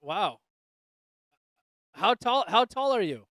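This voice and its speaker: A man's voice: high voice, very animated, takes it slowly, a bit bright, no echo. A man hosting a casual livestream chat, joking loosely and swearing, calling everyone dude and bro. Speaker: livestream host. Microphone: desk microphone.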